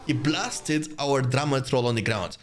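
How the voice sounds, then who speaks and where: A young man commentating his own strategy game match for viewers, chatty and quick to get excited. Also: mid-range voice, crowd noise. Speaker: gaming channel host. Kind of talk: live gameplay commentary.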